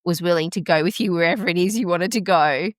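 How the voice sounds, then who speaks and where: A woman midwife hosting a podcast, chatting casually and warmly affirming her guest. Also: on the low side, fast, no echo, studio quality. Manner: enthusiastic and affirming. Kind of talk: casual interview chat.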